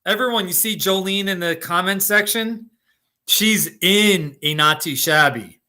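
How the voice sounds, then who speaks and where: A man's voice: high voice, measured pace, bright, forceful tone. A middle-aged American man hosting a casual livestream, chatting with viewers by name and laughing often. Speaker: livestream host. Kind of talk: casual live chat reading comments. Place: Colorado.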